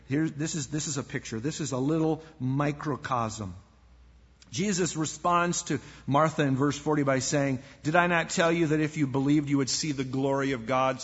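Husky-voiced preacher in an echoey hall. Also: male voice, fairly high pitch. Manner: earnest preaching, drops to a hush for emphasis. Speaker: pastor. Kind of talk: sermon. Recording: echoey hall, dull lo-fi sound.

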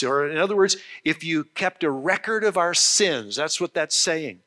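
Male preacher mid-sermon; earnest, explanatory delivery, bright and slightly high voice. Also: expressive. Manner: earnest, with frequent restarts and slow emphasis on key phrases. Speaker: pastor.

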